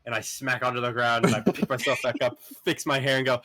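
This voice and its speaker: A man's voice: medium pitch, fairly even intonation, quick pace, pushed and bright. A man playing in a tabletop game, making wry, swearing asides. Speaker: player. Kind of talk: casual game chat.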